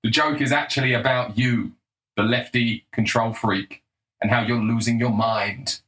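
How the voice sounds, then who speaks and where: Guy ranting on his own commentary show, scornful and heated, punchy bright voice. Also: medium pitch, steady tone, a little slow, poor audio. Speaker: political commentator.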